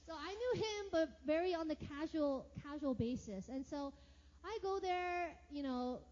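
A woman sharing a personal testimony sermon as a church leader, animated and acting out her own past reactions. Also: high-pitched, normal speed. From United States. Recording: reverberant hall, dull lo-fi sound.

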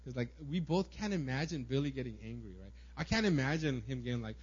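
A young man with a slightly raised pitch delivers a sermon to his church in a casual, conversational way, leaning on fillers and asking "right?" again and again. The recording is muffled and lo-fi. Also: animated, fast talker, hardly any pauses. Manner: casual, filler-heavy preaching with many "right?" and "like". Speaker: pastor.

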